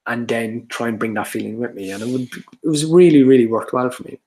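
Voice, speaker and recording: A man's voice: mid-range voice, fast, warm tone. A man giving an earnest, explanatory workshop talk on social anxiety, often restarting his sentences.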